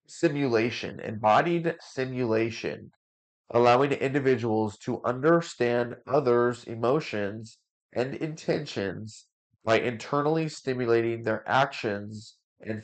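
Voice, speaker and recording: A man hosting a parenting podcast as a parent coach, talking casually with fillers and stumbling over names. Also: medium pitch.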